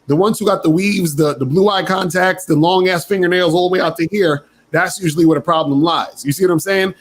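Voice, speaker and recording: A man's voice: high-pitched, fairly quick. A man on a livestream panel, rambling and checking in with the listener. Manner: rambling, checking in with "you see what I'm saying".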